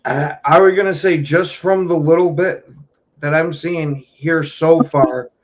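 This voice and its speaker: A man with a slightly raised voice chatting in a measured, even-handed way on a podcast. His audio comes through a bit dull and lo-fi. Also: on the high side, slight background noise. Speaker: podcast co-host. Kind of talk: casual chat.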